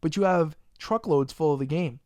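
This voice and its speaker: A young man hosting a podcast, animated and profane, ranting in casual chat. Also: a little high, normal speed, dry recording. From Long Island, New York. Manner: profane, animated ranting, says "bro" a lot. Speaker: podcast host.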